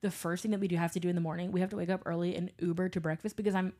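Animated young woman telling stories. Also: on the low side, rapid-fire. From South Louisiana. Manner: animated storytelling, swears freely. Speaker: podcast co-host. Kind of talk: casual chat.

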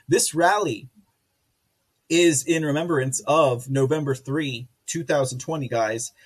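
Husky-voiced man hosting a livestream. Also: a little high. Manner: rambling, reads chat names aloud with playful sing-song repeats. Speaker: livestream host. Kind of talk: casual livestream chat.

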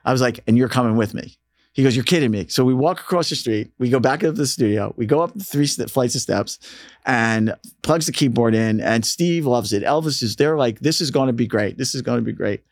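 Here the radio station worker, a guest in a casual interview, speaks fairly quickly at mid-range pitch. He's an animated storyteller who performs quotes in a raised voice. No echo is present.

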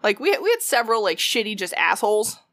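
A woman's voice: mid-range voice, big pitch swings, fast talker, a bit bright, no echo. A young woman, telling a story in casual chat, swearing freely and acting out quotes.

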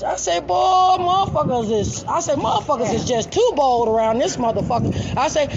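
A woman's voice: sits high, expressive, a little fast, few pauses, background noise. A woman telling a story in a casual way, blunt and profane, laughing often. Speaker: storyteller addressing an audience. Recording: dull lo-fi recording.

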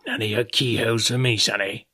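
A man reading an audiobook, voicing a sly, fawning middle-aged male pirate in a husky, wheedling way. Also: lowish voice, fairly even intonation, a little fast, sharp tone, no room sound, clean studio sound. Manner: wheedling, half fawning, half sneering. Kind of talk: audiobook character voice.

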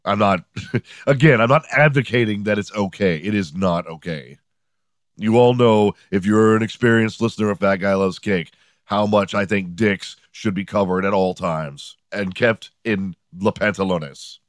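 A man's voice: lowish voice, normal speed, dry recording, clean studio sound. A middle-aged man hosting a podcast, telling a story in a casual, profane, sarcastic comic monologue from home. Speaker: podcast host. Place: home room.

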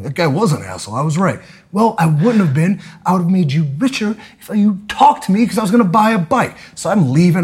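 Husky man ranting with lively pitch. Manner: angry, swearing, loud outbursts. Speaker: podcast guest telling a story. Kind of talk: profane comedic rant.

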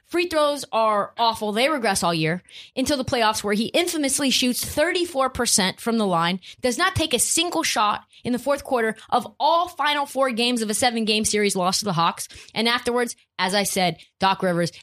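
A woman with a slightly high voice, speaking at normal speed, hosts a sports podcast. She rants casually and animatedly, swearing freely throughout.

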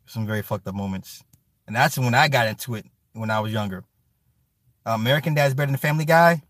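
A man hosting a casual livestream talk, loose and profane, swinging from low mutters to loud animated outbursts. His voice sits at an ordinary male pitch. It is recorded dry and close, with no room sound. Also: fast talker, no echo. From Chicago. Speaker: livestream host reading chat. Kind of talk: casual chat.

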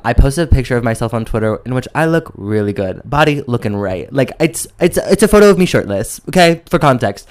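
A young man co-hosting a podcast, telling a story in a sassy, animated way and acting out quotes. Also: mid-range voice, clear, resonant tone. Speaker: podcast co-host. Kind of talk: casual chat, storytelling.

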